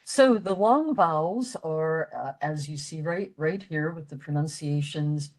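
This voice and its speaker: Slow, low-voiced older woman lecturing. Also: poor audio. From western Pennsylvania, USA. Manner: patient, explanatory, with frequent fillers. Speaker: library program presenter. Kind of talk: informal language lecture.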